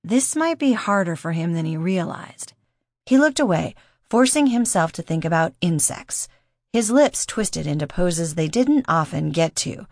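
A woman narrating an audiobook in a steady, measured reading voice. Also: on the low side, no room sound, studio quality. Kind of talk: scripted narration.

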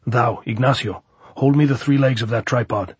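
A man voicing a defiant old guerrilla fighter at bay, deep and hoarse, shouting taunts. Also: moderate pace, no room sound. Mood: commanding. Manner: shouts taunts, wry and fierce.

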